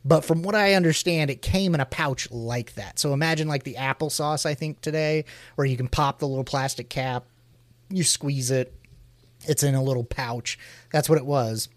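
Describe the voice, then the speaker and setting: A man co-hosting a casual chat, laughing often and telling stories with animated energy. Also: mid-range voice, moderate pace, no echo. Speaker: podcast co-host.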